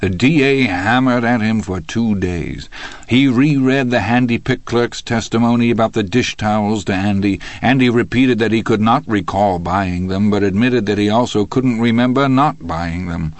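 A man reading an audiobook in a steady, even storytelling manner. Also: on the low side, normal speed, no echo. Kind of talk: audiobook narration.

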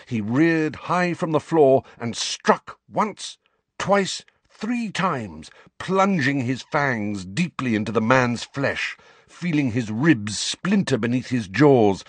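A man reading a novel aloud as an audiobook narrator, with dramatic, expressive storytelling. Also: medium pitch, slow, no echo. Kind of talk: scripted narration.

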